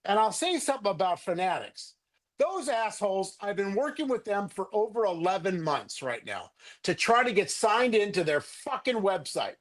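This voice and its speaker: A man's voice: high voice, very animated, moderate pace. An older man, a sports card collector, ranting with profanity in a rambling, angry way on a livestream video call. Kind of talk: heated livestream rant. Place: home, remote video call.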